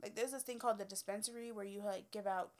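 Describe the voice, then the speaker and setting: A woman's voice: medium pitch, steady tone, quick pace. A woman in her twenties who works as a hairstylist, telling stories in a casual, laughing, profane way and acting out the voices of people she quotes. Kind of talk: casual storytelling chat.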